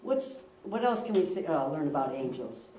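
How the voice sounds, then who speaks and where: A woman's voice: low voice, very animated, moderate pace, dark tone, a little hiss or hum. A woman pastor giving a sermon, telling personal stories earnestly and repeating words for emphasis. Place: church. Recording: roomy church, recorded from a distance.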